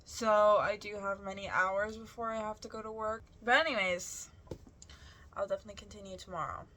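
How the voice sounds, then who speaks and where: A woman's voice: mid-range voice, fairly even intonation, fairly quick, pushed and bright. A young adult woman chatting casually in a reading vlog, rambling and correcting herself as she goes. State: out of breath. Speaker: book vlogger.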